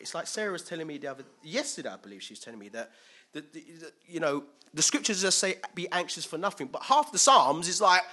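A man preaches in a loose, conversational way, often restarting his sentences and acting out quotes. His voice is bright and a little husky, sitting fairly high for a man. His pitch leaps around, and he moves from loud emphasis into quieter asides. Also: sing-song, brisk. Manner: thinks aloud with restarts and acts out quotes. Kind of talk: conversational sermon.

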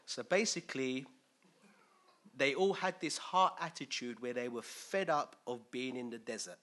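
A man preaching a sermon in a lively, conversational way, asking his listeners questions and acting out the figures he quotes. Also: medium pitch, normal speed.

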